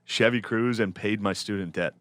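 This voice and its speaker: Man, comedian guest, low voice, dry, offhand, dead-dry room. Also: moderate pace, dry recording. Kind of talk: casual chat.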